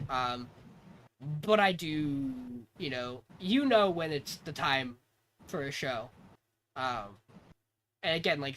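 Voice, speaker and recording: A man's voice: on the high side, a little hiss or hum. A man co-hosting a casual podcast, recapping an anime episode with laughs and acted-out lines from the characters. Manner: animated storyteller who acts out characters' lines; laughs often. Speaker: podcast co-host.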